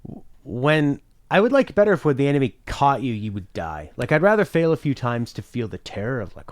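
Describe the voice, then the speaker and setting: A man's voice: medium pitch, big pitch swings, brisk, dry recording, clean studio sound. A man casually commenting on a game as its reviewer, rambling and wry as he thinks aloud.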